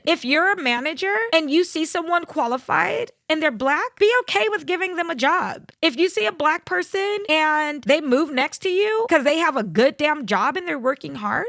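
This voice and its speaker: A woman's voice: high-pitched, a bit bright, dry recording, studio quality. A woman talking straight to viewers in a blunt, lecturing opinion commentary.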